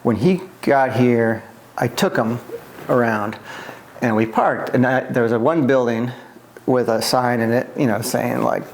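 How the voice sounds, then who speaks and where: A man's voice: medium pitch, measured pace, a little hiss or hum. A middle-aged man from the US East Coast, recalling his past in an oral history interview, with many fillers and restarts.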